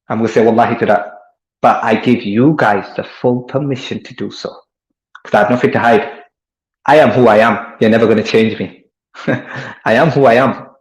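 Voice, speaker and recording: A man, delivering a combative, taunting monologue aimed at an online rival. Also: medium pitch. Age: 20s. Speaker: online commentator. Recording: roomy echo.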